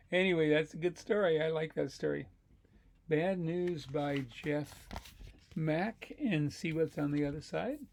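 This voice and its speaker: Man, pastor, picture-book reading, slightly high voice, raspy, chatty. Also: slow, pauses often. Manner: relaxed, chatty storytelling with asides and chuckles.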